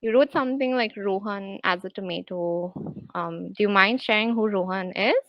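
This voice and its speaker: A woman voicing a nervous male film director who asks questions in a hesitant, halting way, on a dull lo-fi recording. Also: mid-range voice, no echo, close to an everyday voice.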